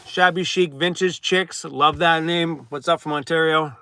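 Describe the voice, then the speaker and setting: Worn out guy chatting on a live stream from his van at night, a bit higher voice, real dry close sound, laughs a lot, chewing while he talks. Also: fairly even intonation, a little slow, pushed and bright, clean tone, dry recording. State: tired, worn out. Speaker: van life vlogger hosting a live chat. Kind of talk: casual livestream chat, reading viewer comments.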